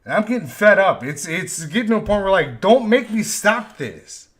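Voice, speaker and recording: A man's voice: sits high, very animated, moderate pace, fairly bright tone. A man ranting on a live stream, frustrated and profane, often repeating himself. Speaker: live stream host, vector artist.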